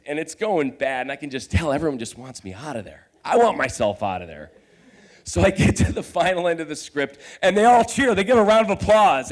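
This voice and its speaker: A man telling a true personal story on stage, animated and profane, laughing as he talks and acting out his own inner voice. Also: on the high side.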